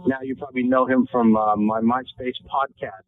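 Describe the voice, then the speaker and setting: A man's voice: medium pitch, level tone, moderate pace. Brash, profane man on a tinny line. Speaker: podcast host. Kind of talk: crude comedic banter. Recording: tinny phone-like audio.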